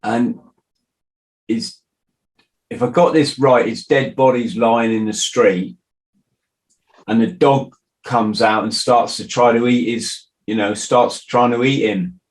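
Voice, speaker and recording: A man's voice: medium pitch, steady tone, slow, long pauses, rough recording. A middle-aged man hosting a podcast, talking in a loose, rambling way with restarts and the odd swear word. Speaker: podcast host. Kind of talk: casual interview chat.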